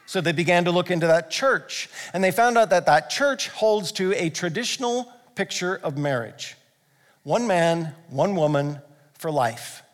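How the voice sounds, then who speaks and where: A man's voice: high voice, animated, a little slow. A male pastor preaching a sermon, earnest and building to fervent emphasis. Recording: long hall reverb.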